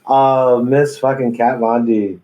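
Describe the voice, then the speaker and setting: A man's voice: mid-range voice, darkish tone, low-quality recording. A man, a tattoo artist, telling stories in a laid-back way, swearing freely and laughing often. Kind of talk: casual storytelling. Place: tattoo shop.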